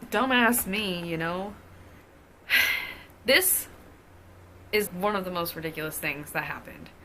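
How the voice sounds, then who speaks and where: A woman's voice: lowish voice, measured pace, noisy background. A young adult woman telling a personal story in a casual vlog, profane and exasperated. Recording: clear music playing behind the voice. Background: music.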